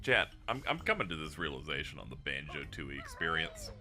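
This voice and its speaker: Male streamer, wildly animated delivery, game music under the voice. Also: a bass voice, brisk. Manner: animated, laughing, swearing. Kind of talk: casual gaming stream chat.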